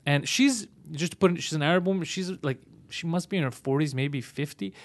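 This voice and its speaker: Fast-talking guy telling stories. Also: fairly high pitch. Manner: profane, animated storytelling. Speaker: podcast co-host. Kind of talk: casual podcast chat.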